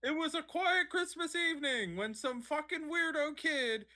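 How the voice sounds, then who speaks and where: A man's voice: extremely high pitch, normal speed, sharp tone, pitched above the performer's own voice, full character voice. A man doing a perky lady news reporter. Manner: exaggerated newscaster stress on mid-sentence words. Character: perky woman TV sideline reporter.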